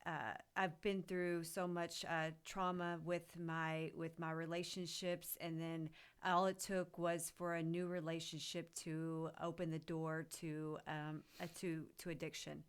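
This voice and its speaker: A woman co-host, a mother, telling her recovery story in a halting way with many pauses. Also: low-pitched, flat delivery, clear, resonant tone. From Missouri. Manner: halting, with many ums and restarts. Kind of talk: personal testimony.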